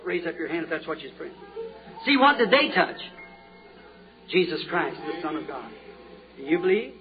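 A man's voice: fairly high pitch, animated, moderate pace, pauses often, phone-quality sound, music in the background. Fervent preacher man on old tape. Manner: fervent, repeats questions to the crowd. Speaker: evangelist preacher. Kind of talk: healing revival sermon.

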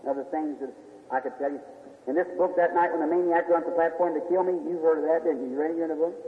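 Folksy preacher, man, fairly high voice, long reverb of a big hall. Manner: folksy, asks the crowd "is that right?". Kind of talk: sermon. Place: large hall before a crowd. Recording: old tinny hall recording, echoey.

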